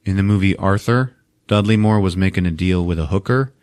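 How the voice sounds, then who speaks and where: A man's voice: deep voice, a little fast, a little mellow, smooth. A man hosting a podcast, recapping a movie in a casual, profane way, laughing often and acting out characters.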